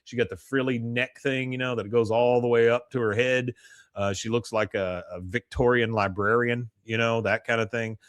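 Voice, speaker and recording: A man in a middle pitch, co-hosting a podcast and recapping a cartoon episode in a loose, rambling way. He laughs often and slips into the characters' lines. The sound is dry and close. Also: fairly even intonation, normal speed, clean tone, no echo. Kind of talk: casual chat.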